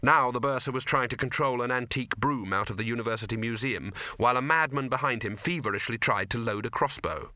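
A man narrates a comic fantasy audiobook with a bright, forward tone. The sound is dry and close, with no room around it. He tells the story in a wry, deadpan way. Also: mid-range voice, fast, hardly any pauses, dry recording. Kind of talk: scripted narration.

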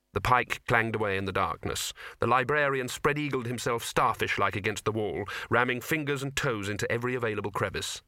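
A man narrates a comic fantasy audiobook with a bright, forward tone. The sound is dry and close, with no room around it. He tells the story in a wry, deadpan way. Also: mid-range voice, no room sound. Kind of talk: scripted narration.

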